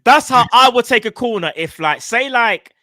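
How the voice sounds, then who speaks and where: A man, co-hosting a casual live fan show, excitable and quick to laugh. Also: very high-pitched, no echo. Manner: excitable, laughs a lot, London slang. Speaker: co-host.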